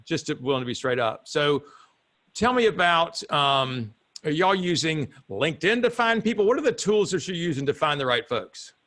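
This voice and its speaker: A man's voice: on the high side, very animated, normal speed, a bit bright. A man in his fifties hosting an interview, blunt and casually swearing. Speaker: host.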